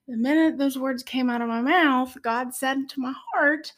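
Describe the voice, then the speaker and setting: Earnest woman sharing her faith story. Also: high voice. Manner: earnest, heartfelt storytelling with many pauses and fillers. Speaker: podcast guest. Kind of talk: personal faith testimony.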